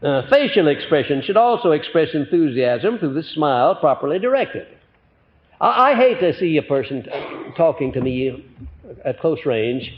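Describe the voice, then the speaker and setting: Older man, motivational lecture, fairly high voice, dull old recording, lively rise and fall, live audience hall. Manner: animated, swings between loud emphatic and quiet, frequent uh fillers. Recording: muffled 1950s lecture recording.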